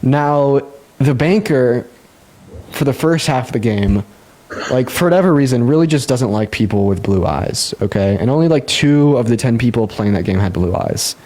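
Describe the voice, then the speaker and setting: A young man hosts a casual livestream debate, talking fast and loosely. He laughs often and swears freely, and his pitch leaps sharply upward whenever he gets excited.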